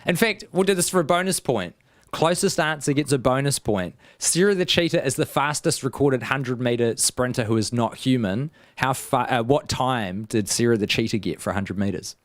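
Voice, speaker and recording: Joking New quiz host, dry sound. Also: male voice, medium pitch, lively intonation, moderate pace, no echo. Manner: chatty, joking, teasing the players. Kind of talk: hosting a comedy quiz.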